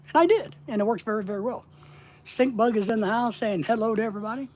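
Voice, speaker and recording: A man's voice: sits high, fast, a little mellow. A middle-aged man with a slight Southern accent coaches viewers through a casual livestream lesson. He talks in a rambling, plainspoken, conversational way. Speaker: online business coach.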